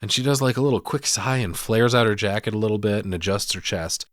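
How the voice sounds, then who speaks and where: A man's voice: fairly low pitch, quick pace, no echo, clean studio sound. A man co-hosting a podcast, retelling a movie plot in a casual, profane, wry way. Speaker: podcast co-host.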